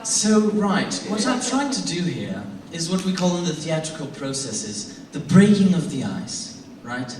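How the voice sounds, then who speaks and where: A man's voice: on the high side, sing-song, measured pace, few pauses. A young man from Brazil emceeing a live stage show, playful and chatty with the audience. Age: young adult. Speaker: stage presenter. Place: performance hall with a live audience. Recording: roomy hall, distant mic, background noise.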